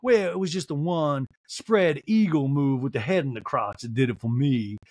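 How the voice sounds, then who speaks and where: A man's voice: a little high, creaky, slightly rough, dry recording, studio quality, exaggerated voice. A man doing a prim drawling Southern lady. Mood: deadpan drawl. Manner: slow, deadpan drawl.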